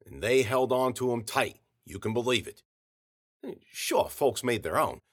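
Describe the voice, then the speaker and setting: A man narrating a first-person story in a wry, hard-boiled deadpan. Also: mid-range voice, a little slow.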